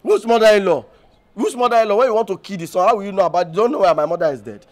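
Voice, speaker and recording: A young man with a Nigerian accent doing an excitable, pleading, scolding comedy sketch role. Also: sits high, rapid-fire. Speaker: comic actor. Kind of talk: comedy sketch acting in Pidgin and English.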